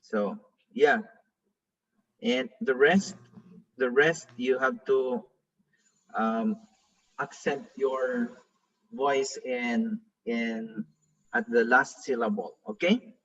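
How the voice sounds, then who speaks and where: A man's voice: medium pitch, extremely slow, pauses often, fairly bright tone. A man, a pastor, teaching a Hebrew reading class and patiently drilling pronunciation with repeated examples, heard on a distant, dull classroom recording. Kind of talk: classroom lesson.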